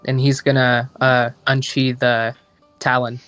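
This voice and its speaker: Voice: mid-range voice, steady tone, measured pace, a bit bright, smooth, soft background music. A player describing his character's actions in a tabletop game, casual and hesitant.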